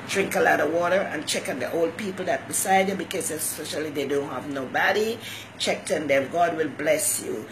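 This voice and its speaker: Hosting her own talk show, a woman greets viewers by name and offers folksy, motherly advice in a casual live-stream monologue. Her voice is low, and there's background noise.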